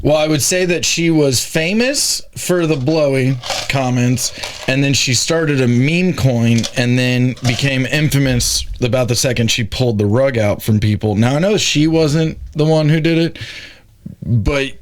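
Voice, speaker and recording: A man's voice: medium pitch, unhurried, a little hiss or hum. Rambling, jokey male podcast host. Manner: rambling, jokey, searches for words. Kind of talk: casual podcast discussion.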